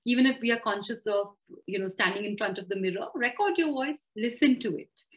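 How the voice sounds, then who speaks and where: A woman's voice: medium pitch, brisk, low-quality recording. Indian woman trainer, filler-heavy advice. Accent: Indian English. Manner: thoughtful, with many fillers and self-corrections. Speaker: communication trainer. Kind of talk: advice-giving interview answers.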